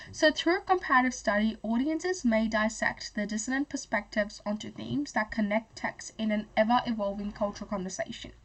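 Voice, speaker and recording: Chatty Australian woman tutoring. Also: fairly high pitch. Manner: chatty, many fillers and self-corrections. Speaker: English tutor. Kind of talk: explanatory tutoring lesson.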